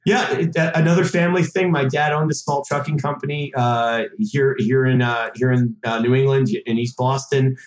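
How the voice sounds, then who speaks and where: A man's voice: medium pitch, steady tone, normal speed, few pauses. A man in his thirties from Massachusetts, a podcast guest chatting casually and rambling with lots of fillers and restarts. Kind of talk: casual chat. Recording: roomy echo.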